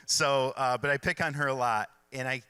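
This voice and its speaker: A middle-aged man, a school superintendent, speaking to staff at an event in a relaxed storytelling way with fillers. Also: mid-range voice, moderate pace, smooth, no echo. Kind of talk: speech to staff at a kickoff event.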